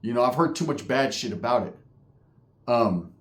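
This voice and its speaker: A man's voice: medium pitch, normal speed. Profane man telling a story. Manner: profane, slangy, animated. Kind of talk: casual storytelling. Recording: echoey room.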